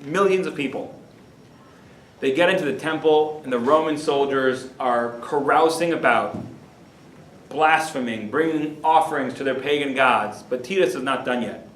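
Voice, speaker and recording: A man's voice: medium pitch, normal speed, fairly bright tone, a little hiss or hum. A man, a rabbi, delivering a dramatic storytelling lecture in a lecture hall. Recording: roomy hall echo.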